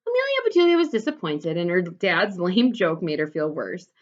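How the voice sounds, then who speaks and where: Expressive woman reading aloud to children. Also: fairly low pitch, moderate pace. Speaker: teacher. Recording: dull lo-fi recording.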